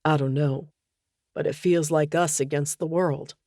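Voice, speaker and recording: A woman reading an audiobook, voicing a gentle young husband who speaks quietly and reassuringly. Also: low-pitched, steady tone, a little slow, no echo, clean studio sound. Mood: tender. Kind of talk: audiobook character dialogue.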